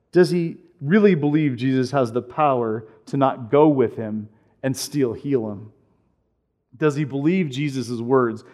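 A man preaching a sermon, animated and acting out the voices he quotes. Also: medium pitch, unhurried. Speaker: pastor.

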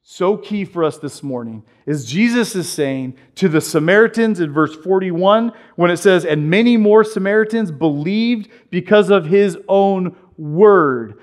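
Man preaching, animated, slightly high voice, acts out quotes. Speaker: pastor. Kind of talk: sermon.

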